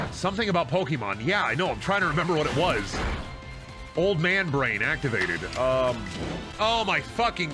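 A young man streaming a game, rambling through jokey, profane asides and breaking into sudden yelled outbursts. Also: mid-range voice, sing-song, a little fast, over music. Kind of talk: casual gameplay commentary.

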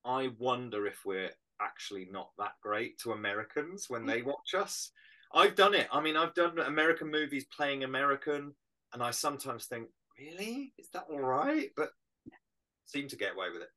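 A middle-aged British man, an actor, talking through his craft in a casual interview, animated and reflective. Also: medium pitch, moderate pace. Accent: British English. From Britain. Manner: animated, reflective, explains with images. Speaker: actor guest. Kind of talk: casual interview on a video call.

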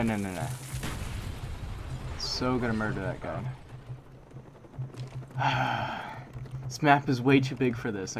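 A man's voice: on the low side, background noise. Young guy doing live game commentary, yelps and grumbles, gunfire going off behind him. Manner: excitable, frustrated exclamations and muttering. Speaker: gaming commentator.

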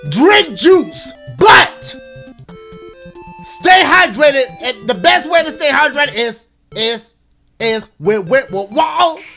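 A man giving energetic, rambling, slangy gaming commentary as a YouTuber, often shouting. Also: extremely high pitch, takes it slowly, soft background music.

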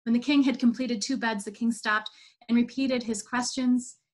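A woman telling a parable in an online church service, in a measured, steady reading. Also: a little high, low-quality recording. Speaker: worship leader.

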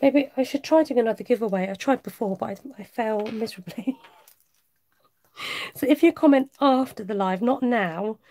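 A woman's voice: mid-range voice, creaky, no echo. An English woman with a slight West Country twang, chatting and laughing with viewers while she works on a live craft stream. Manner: warm chatty, laughs often, talks while working. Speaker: craft livestream host.

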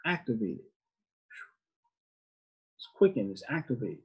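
A man's voice: medium pitch, sing-song, a little slow, slightly rough. A man teaching an informal Sunday school class in a conversational way, asking his students questions, on a dull lo-fi recording.

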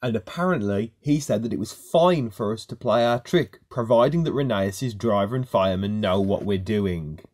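A man's voice: fairly low pitch, normal speed, few pauses, a little mellow, lightly acted. A man voicing a male steam engine who talks plainly about a planned trick. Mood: calm.

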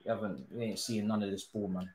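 A young man, commentating his own football game live, groaning, swearing and now and then cheering loudly. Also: lowish voice, fairly even intonation, fast, roomy sound. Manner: exasperated, groaning and swearing, swinging to loud cheers. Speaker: gaming streamer.

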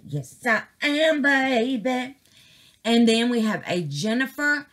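A woman's voice: on the high side, expressive, takes it slowly, a bit bright. A middle-aged woman chatting casually to her viewers about her craft, calling them babies and honey. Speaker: craft vlogger.

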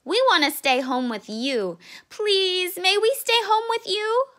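A woman voicing a scared little boy raccoon cub in a read-aloud storybook, with a high, anxious, pleading manner. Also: very animated, normal speed, a bit bright.

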